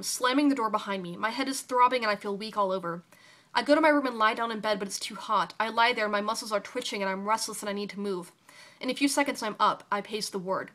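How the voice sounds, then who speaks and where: Young woman narrator, bright tone, raw intense personal story reading. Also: medium pitch, fairly quick.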